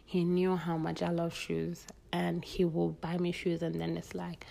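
A woman's voice: on the low side, monotone, a little slow, vocal fry, mellow. A young woman hosting a podcast, talking candidly in a casual advice monologue drawn from her own life. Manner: candid, conversational, sharing personal stories. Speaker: podcast host.

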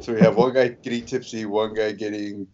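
A young man co-hosting a podcast in casual chat, easygoing, with quick short replies. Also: lowish voice, level tone, noisy background. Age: young adult. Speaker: podcast co-host. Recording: dull remote recording.

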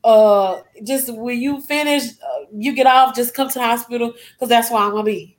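Guest, young woman, fairly high voice, emotional first-person storyteller who acts out the dialogue. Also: steady tone, moderate pace. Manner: emotional retelling with acted-out quotes.

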